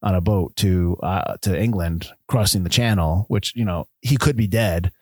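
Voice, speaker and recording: A man's voice: low-pitched, moderate pace, a little mellow, no room sound, clean studio sound. A man co-hosting a casual movie chat, rambling with many restarts and acting out lines from the film. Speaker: podcast host.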